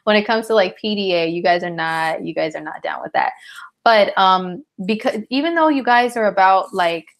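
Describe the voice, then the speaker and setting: A woman's voice: medium pitch, normal speed. Woman, astrologer, live-stream chat, slangy, chatty, tired. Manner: chatty, slangy, reads out viewer comments. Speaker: astrologer host.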